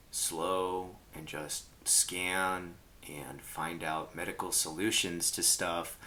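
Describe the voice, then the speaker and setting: A man with a very low voice tells tabletop gaming stories in a casual, rambling way. He leans on fillers and slips into acted-out quotes of other players. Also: a little hiss or hum. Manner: rambling, filler-heavy, animated quoting. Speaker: role-playing game commentator. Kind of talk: casual storytelling to camera.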